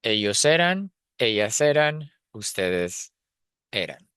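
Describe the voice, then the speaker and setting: Male language teacher, deep crisp voice, dry close sound, explains with many fillers. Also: big pitch swings, takes it slowly, fairly bright tone, no room sound. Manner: thinks aloud with frequent fillers and restarts, switches between Spanish and English. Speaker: Spanish teacher. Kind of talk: explanatory lesson, reading notes and translating.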